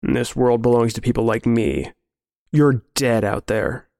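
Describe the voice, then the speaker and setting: A man reading the part of a brutal, bearded man who sneers and threatens slowly. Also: mid-range voice, expressive, vocal fry, darkish tone, dry recording, studio quality. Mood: menacing. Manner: sneering, menacing, slow counting. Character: brutal bearded man, menacing, laughing at the world.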